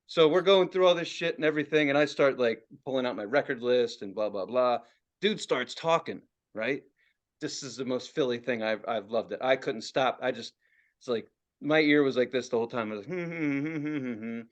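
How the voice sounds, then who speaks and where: A man's voice: mid-range voice, brisk. A man hosting a podcast, telling a story in casual chat and cursing a lot. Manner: animated, profane storytelling. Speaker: podcast host.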